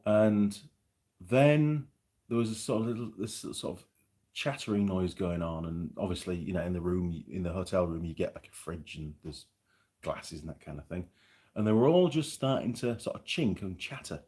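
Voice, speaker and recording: A man's voice: sits low, moderate pace, mellow. A man hosting a casual livestream, rambling as he reads out viewer comments and tells a story. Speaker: livestream host. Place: New Zealand.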